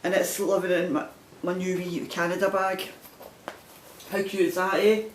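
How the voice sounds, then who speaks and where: A woman's voice: little pitch movement, normal speed. Chatty Scottish woman in an echoey room. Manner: chatty, self-deprecating, meandering. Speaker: crafting video podcaster. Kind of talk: casual show-and-tell chat. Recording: roomy echo, faint rumble.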